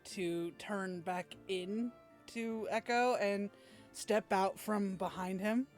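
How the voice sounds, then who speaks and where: A woman's voice: medium pitch, steady tone, slow, soft background music. A woman playing in a tabletop role-play game, giggly and playful as she describes her character's antics. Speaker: player.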